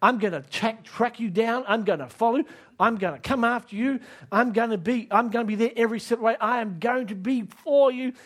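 A man preaching a sermon, emphatic, asking the audience direct questions and rising to near shouts on key lines. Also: extremely high pitch, fairly quick.

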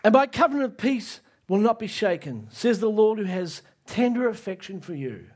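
A man preaching a sermon, emphatic, asking the audience direct questions and rising to near shouts on key lines. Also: high-pitched, very animated, normal speed.

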